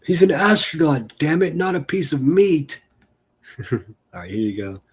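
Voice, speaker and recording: Husky man joking through a live stream. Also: a little high, sing-song, unhurried. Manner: joking, laughs often, crude teasing humor. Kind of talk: casual live commentary.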